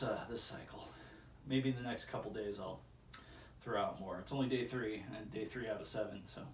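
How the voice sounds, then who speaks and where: A man's voice: mid-range voice, distant mic. Rambling man counting reps in echoey room. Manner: rambling, chuckling, counting reps under his breath. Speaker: vlogger doing a workout. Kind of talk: casual self-filmed workout commentary. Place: indoor room with chairs. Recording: echoey room, voice from off-mic, faint ambient noise.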